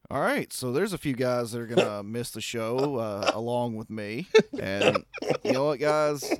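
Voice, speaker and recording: A man's voice: medium pitch, animated, normal speed, no echo. A man leaves a heartfelt voice message for a podcast, rambling earnestly with many fillers. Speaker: caller, longtime listener. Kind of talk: recorded voice message.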